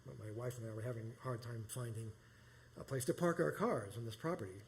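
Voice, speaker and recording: A man's voice: mid-range voice, expressive, fast, creaky. Rambling middle-aged man telling a story. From New York. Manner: rambling, conversational, with many restarts. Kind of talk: live personal storytelling. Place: small performance space.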